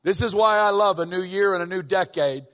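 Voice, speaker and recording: A man's voice: sits high, fairly quick, fairly bright tone. A man preaching a sermon in a church, talking casually at first and then building to fervent emphasis. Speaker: guest preacher. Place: church sanctuary. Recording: church hall reverb.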